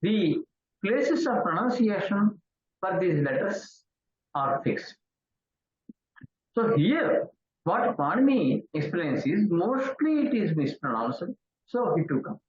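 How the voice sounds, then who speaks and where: A man in his sixties with an Indian accent, a Sanskrit professor giving a halting lecture full of pauses and fillers. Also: sits high, big pitch swings. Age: 60s. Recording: roomy, dull lo-fi recording.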